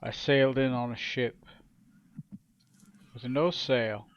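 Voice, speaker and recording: A man voicing a ruthless, self-made male pirate king who speaks slowly and with menace. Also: mid-range voice, fairly even intonation, clean tone, muffled recording, lightly acted. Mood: menacing.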